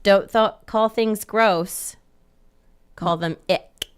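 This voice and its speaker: A woman's voice: medium pitch, very slow, clean tone. A woman in her forties hosting a radio morning show in a studio, bantering in a wry, playful way and laughing often. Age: 40s. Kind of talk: casual on-air banter.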